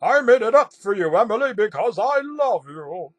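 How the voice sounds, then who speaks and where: A man voicing an old male intern, lovestruck and defiant, in a high yelling voice. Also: big pitch swings, normal speed, no room sound.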